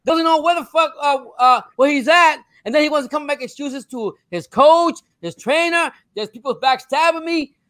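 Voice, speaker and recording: An older man with a strikingly high voice argues hard, repeating phrases and talking over whoever tries to cut in. The sound is dry with no room around it. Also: expressive, moderate pace, hardly any pauses, no room sound. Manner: forceful, swears, repeats himself, cuts in. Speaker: boxing fan in a debate. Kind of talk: heated street argument.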